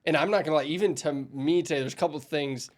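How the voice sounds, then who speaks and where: A man hosting a podcast in casual conversation, animated and rambling, often acting out what others said. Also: on the high side, fast. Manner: animated, acts out quoted voices, rambling. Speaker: podcast host.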